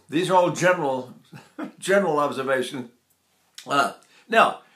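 Older guy teaching voice lessons, kinda high voice, rambly, stops to sing la la. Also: a bit bright. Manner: rambling, demonstrative, breaks into sung vowels. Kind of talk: vocal lesson with sung demonstrations. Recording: echoey room.

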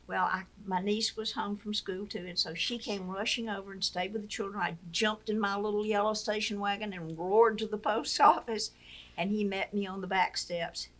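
A woman's voice: mid-range voice, steady tone, normal speed, a bit bright. An older woman, telling stories in an interview and acting out the voices she quotes. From Mississippi. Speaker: interview guest, wife of a former POW. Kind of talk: storytelling in a conversational interview.

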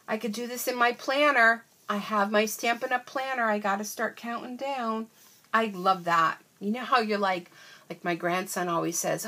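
An older woman with a soft, breathy voice chats her way through a craft unboxing. She gushes and exclaims, gasping with delight and cooing over each little find, in an easy, homey manner. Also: mid-range voice, moderate pace. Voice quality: wears bifocals. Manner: gushing, excitable, lots of gasps and oohs. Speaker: crafting vlogger. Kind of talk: casual unboxing chat.

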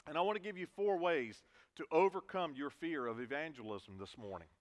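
A man's voice: a little high, fairly quick. A man preaching a sermon in a church, earnest, stressing key words and repeating them for emphasis. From Virginia, US. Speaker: pastor. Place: church sanctuary.

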